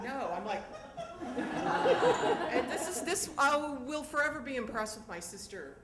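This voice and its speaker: A woman in her fifties performing a live one-woman stage show, telling a family story animatedly, laughing and acting out scenes. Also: a little high. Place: theatre with audience. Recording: echoey theatre with live audience.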